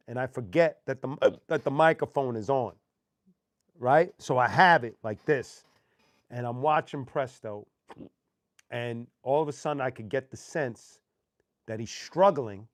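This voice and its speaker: Animated, cursing man telling a story. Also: mid-range voice, no room sound. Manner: profane, animated anecdote telling with slang. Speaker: host. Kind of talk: casual storytelling.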